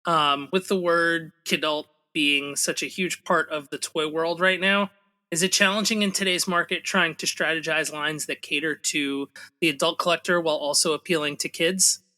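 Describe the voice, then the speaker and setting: Higher-voiced male podcast co-host. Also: steady tone, moderate pace, pushed and bright. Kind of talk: casual podcast interview.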